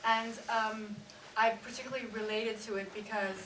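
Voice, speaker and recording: A woman in the audience of a literary event, hesitantly asking the author a question with ums and pauses. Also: a little high, fairly even intonation, fairly bright tone. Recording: distant, roomy, noisy hall sound.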